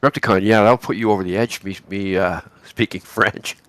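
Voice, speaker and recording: A man with a very low, gravelly voice, roughened by a head cold, talking live. He rambles casually through market commentary, often stopping and restarting his sentences. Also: steady tone, quick pace, fairly bright tone, no room sound. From Canada. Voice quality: raspy. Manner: rambling, chatty, with frequent restarts and asides. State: hoarse from a cold. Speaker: co-host of a live futures trading stream.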